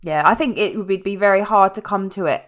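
A woman's voice: medium pitch, a little fast, fairly bright tone. A woman co-hosting a podcast, jokey and opinionated in casual chat, with casual swearing. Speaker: podcast co-host.

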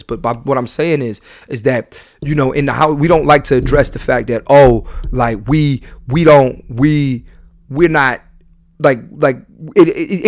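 On his podcast, the host talks candidly and with emphasis, often repeating himself or starting phrases over. His delivery lurches between loud outbursts and hushed asides, captured in a clean studio recording without echo.

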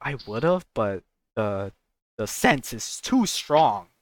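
A young woman co-hosting a podcast, telling a story in a casual, animated way, swearing and acting out voices. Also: very deep voice, slow pace, crowd noise. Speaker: podcast co-host.

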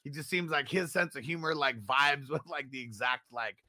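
A man hosting a relaxed podcast conversation, his voice bright and forward. He talks loosely, laughs easily and swears without care. The sound is dry and close, with no room around it. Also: fairly high pitch, normal speed, no echo. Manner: laid-back, laughs often, swears freely. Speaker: podcast co-host. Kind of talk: casual chat.

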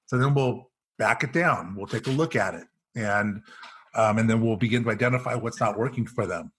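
A man's voice: lowish voice, moderate pace, fairly bright tone, husky. A middle-aged man, an executive coach, telling stories in a podcast interview and acting out the dialogue in them. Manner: storyteller, acts out quoted dialogue.

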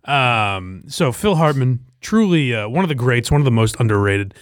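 A man's voice: medium pitch, animated, moderate pace, no room sound, studio quality. A man in his forties hosting a podcast, rambling in casual chat with many fillers and laughs. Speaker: podcast host.

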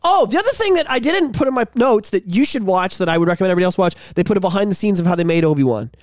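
Excitable swearing podcast host, dry close sound. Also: male voice, high-pitched, very fast, no room sound. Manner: swears freely, impersonates characters. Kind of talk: casual chat.

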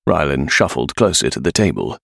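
A man reading an adventure novel aloud with a deep, gravelly voice. His storytelling rises and falls with lively expression, and the recording is close and dry with no room echo. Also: brisk. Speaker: audiobook narrator. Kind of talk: scripted narration.

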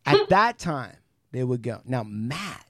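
A man hosting a podcast, telling profane family stories in casual chat and acting out relatives' lines. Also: slow pace. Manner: animated, profane, acts out relatives in shrill voices. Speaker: podcast host.

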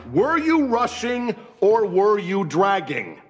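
An actor playing a cruel, explosive male band conductor, swinging from menacing hush to roaring insults, in a film clip. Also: high voice, huge pitch swings, slow pace, lo-fi sound, soft background music, full character voice. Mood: furious. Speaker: abusive jazz band conductor. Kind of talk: film drama acting. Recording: film clip with faint noise.

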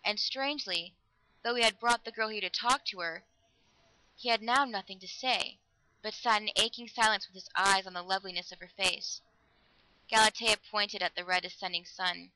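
A woman reading a story aloud in an expressive narrating manner, recorded close. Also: mid-range voice, normal speed, dry recording, low-quality recording. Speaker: audiobook narrator. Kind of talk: scripted narration.

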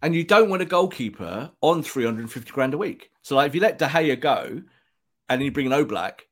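A man co-hosting a casual football podcast, talking on a microphone and often putting on quick voices for imagined remarks. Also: mid-range voice, animated. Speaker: podcast co-host.

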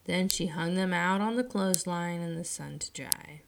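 A woman storyteller reading a children's story aloud in a slow, soothing way, dropping her voice at line ends. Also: fairly low pitch, vocal fry, slight background noise.

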